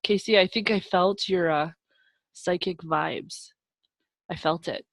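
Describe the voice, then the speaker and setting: A woman's voice: lowish voice, slow, no echo. A young adult woman teacher giving a live online math lesson over a video call, upbeat and encouraging, with chatty asides to her students. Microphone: video call microphone.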